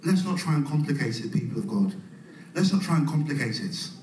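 A man preaching a sermon, calling out to the congregation and swinging between loud, rising passages and soft, quiet ones. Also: mid-range voice, sing-song, a little fast, slight background noise. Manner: call-and-response preaching, swelling loud then dropping soft. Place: church. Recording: echoey church hall, mic at a distance.

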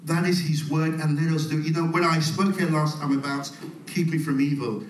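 A man preaching a sermon, calling out to the congregation and swinging between loud, rising passages and soft, quiet ones. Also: on the high side, steady tone, normal speed, slight background noise. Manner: call-and-response preaching, swelling loud then dropping soft. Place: church. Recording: echoey church hall, mic at a distance.

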